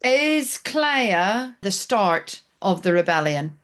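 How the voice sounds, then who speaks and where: A woman's voice: mid-range voice, big pitch swings, slow pace, heavy background noise. Chatty woman podcast co-host. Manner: chatty, musing aloud. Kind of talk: casual chat.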